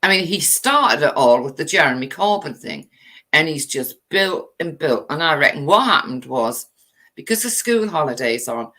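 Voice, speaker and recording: Animated, bright-voiced English woman ranting. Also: rumbling low. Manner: angry, swearing, rhetorical questions. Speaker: channel host. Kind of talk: livestream rant.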